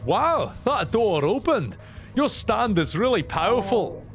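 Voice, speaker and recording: A man's voice: on the high side, lively intonation, normal speed. A man voicing a grumpy, sarcastic young male diver in a raised, incredulous voice, game music behind him.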